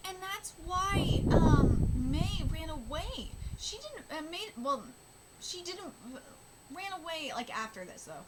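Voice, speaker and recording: A woman hosting a live manga reaction, rambling, emotional and repeating herself, over loud background noise. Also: extremely high pitch, sing-song, slow.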